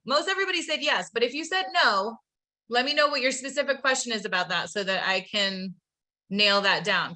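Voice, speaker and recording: A woman's voice: medium pitch, bright, forceful tone. A woman leading a live online training session, talking in an upbeat, chatty way and addressing her audience directly. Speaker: webinar presenter training real estate agents.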